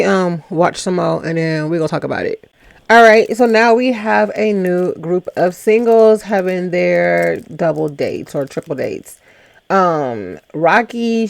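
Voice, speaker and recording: A woman's voice: mid-range voice, gravelly, dry recording. A woman hosting a casual, sassy recap of a dating show, chatting to her viewers. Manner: chatty, sassy, quotes people in little voices. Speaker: reaction show host.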